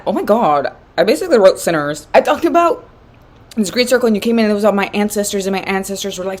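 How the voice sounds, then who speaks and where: A young woman in her twenties telling a long story while doing her makeup, chatty and animated with lots of fillers. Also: mid-range voice. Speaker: vlogger.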